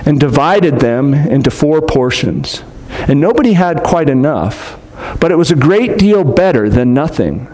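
A man with a somewhat high voice reads a storybook aloud to children. He pauses for gentle asides that explain the story to his young listeners. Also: big pitch swings.

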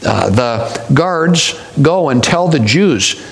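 A man's voice: on the high side, expressive, slow, gravelly, poor audio. A male pastor preaching a sermon, telling stories with wry humorous asides.

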